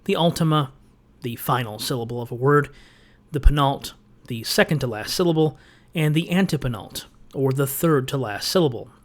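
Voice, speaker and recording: A video essayist delivers a scripted rebuttal commentary, sarcastic and lecturing, with a pointed, explanatory manner. He speaks in a mid-range voice at a moderate pace.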